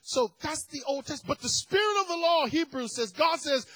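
A man preaching a sermon, swinging from quiet storytelling to fervent shouted passages. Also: very high voice, animated, a little fast, few pauses, no echo, low-quality recording.

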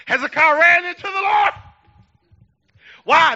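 A man preaching a sermon in a very high, piercing voice, moving from hushed lines to sudden shouts. His delivery is dramatic and emphatic. The recording sounds dull and lo-fi. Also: expressive, unhurried.

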